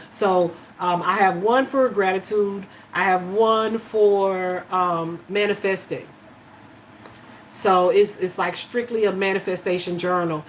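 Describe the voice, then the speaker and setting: A woman's voice: medium pitch, slight background noise, rough recording. A woman chatting casually on a live stream about spirituality, with many fillers and easy laughter. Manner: warm, emotional, laughs easily, many fillers. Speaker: spiritual live-chat host.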